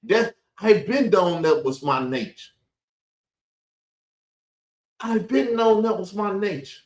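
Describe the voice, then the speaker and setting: This high-voiced man speaks slowly with lively intonation, and the audio is poor and reverberant. Hosting a video, he rambles through commentary on played clips in a combative, colloquial, repetitive way.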